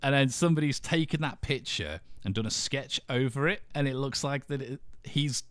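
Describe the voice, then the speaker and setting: A man's voice: mid-range voice, moderate pace, fairly bright tone. A man co-hosting a casual podcast chat, rambling and laughing often. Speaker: podcast co-host.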